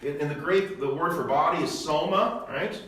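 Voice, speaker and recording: An older man teaches a church Bible study, his voice sitting a touch high for a man. He works through his points with rhetorical questions, checking in with "okay?" over and over. The recording is heavily echoey, picked up from a distance in a church room. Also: normal speed, fairly bright tone. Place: church classroom.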